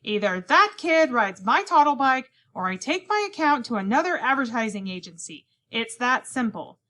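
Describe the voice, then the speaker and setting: A loud bossy cigar-chomping boss, as a woman puts him on. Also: a little high, very animated, normal speed, pitched above the performer's own voice. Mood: blustering. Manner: shouting, pushy. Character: loud blustering company president man with a cigar.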